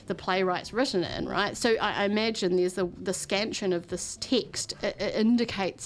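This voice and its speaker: A woman's voice: mid-range voice, normal speed. A woman hosting a studio radio interview, talking in an effusive, chatty way full of restarts and asides. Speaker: radio host.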